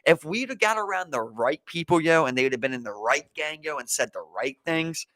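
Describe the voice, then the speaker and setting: A man's voice: on the high side, fairly quick, no room sound. A young man with a Baltimore accent co-hosting a podcast, telling stories in slangy casual chat and acting out the people he quotes. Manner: animated storyteller, acts out quotes, slangy, swears. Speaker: podcast co-host.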